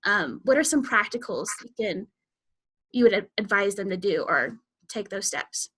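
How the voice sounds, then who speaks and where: A woman's voice: mid-range voice, lively intonation, moderate pace, fairly bright tone, husky. Woman, young adult, chatty, filler-heavy, interviewer. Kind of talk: casual interview questions.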